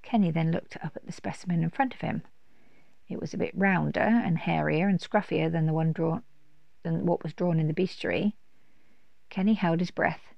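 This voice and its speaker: A woman reading a children's storybook aloud at a steady, unhurried pace. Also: fairly low pitch, gravelly, dry recording. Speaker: narrator. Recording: dull dry recording.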